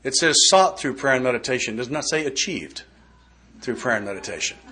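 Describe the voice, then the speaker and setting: Casting note: a folksy, joking man leading a step study, bright and forceful voice, mid pitch. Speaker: workshop speaker. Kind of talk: recovery step study talk.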